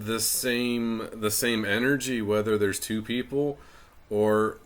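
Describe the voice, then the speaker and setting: A middle-aged man from Northeast Ohio hosts a casual interview, relaxed, chatty and quick to crack a joke. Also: fairly low pitch. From Northeast Ohio, United States. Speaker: interview host.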